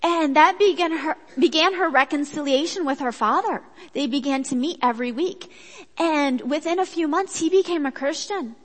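A woman giving a sermon with a personal story, in a chatty, animated way that acts out quotes. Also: high voice, normal speed. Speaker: speaker at a church gathering. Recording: echoey hall.

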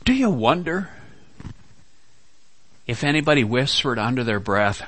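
Slow, bright-voiced male preacher. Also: mid-range voice, big pitch swings, no echo. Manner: slow, dramatic delivery with quoted dialogue. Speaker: pastor. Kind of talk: sermon.

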